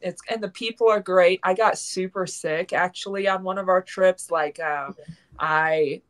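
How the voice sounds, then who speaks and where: A woman telling stories in casual podcast chat, expressive and full of fillers like "like". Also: on the low side, a little slow. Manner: expressive storyteller, many fillers.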